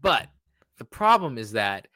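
A young man chatting casually on a podcast, sarcastic and animated, often acting out characters in mocking voices. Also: mid-range voice, a little slow, no room sound, studio quality. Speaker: podcast co-host.

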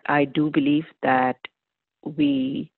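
Middle-aged woman doctor, measured and emphatic, heard over a phone line. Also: low voice, little pitch movement, breathy edge, no echo. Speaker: cardiologist guest. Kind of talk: medical interview answers. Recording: dry tinny phone line.

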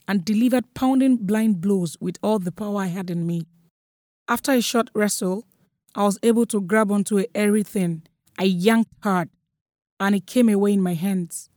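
A young woman with a Nigerian accent telling a first-person story in a steady, matter-of-fact way. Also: medium pitch, normal speed, dry recording, studio quality. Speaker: narrator.

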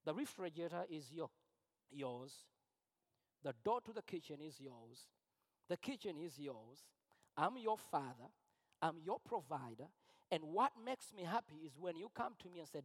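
A man's voice: fairly high pitch, very animated, moderate pace. A man preaching a sermon as pastor, emphatic and repetitive, with rising fervor. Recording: long hall reverb.

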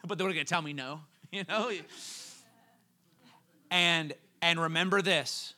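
A young man preaching a sermon, telling a story with quoted voices and laughs before building to fervent, loud calls. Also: a little high, slow. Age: young adult. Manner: laughs between lines.

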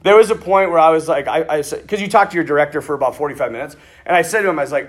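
A middle-aged priest giving a conversational sermon, telling stories and acting out bits of dialogue. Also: male voice, fairly high pitch, rapid-fire, hardly any pauses. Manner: conversational, animated, acts out quoted dialogue. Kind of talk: sermon with storytelling.

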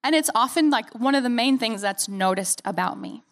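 With a fairly high pitch and a brisk pace, a young woman pastor from the United States preaches with earnest energy and playful asides. Her accent has mellowed after years spent in Australia.

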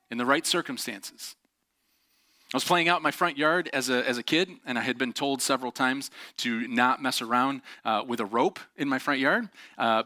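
A man giving a motivational talk, telling personal stories in an animated, earnest way and laughing often. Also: mid-range voice, no room sound, clean studio sound. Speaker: speaker.

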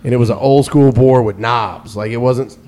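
A man's voice: mid-range voice, normal speed, mellow. A man being interviewed, who tells a long story about his past as a DJ. He rambles, often starts a phrase twice, and laughs easily as he goes. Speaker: guest DJ.

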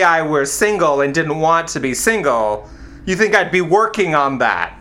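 Podcast co-host, casual chat, bright voice, lively intonation, blunt, wry. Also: mid-range voice, normal speed. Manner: blunt, wry, swears for emphasis.

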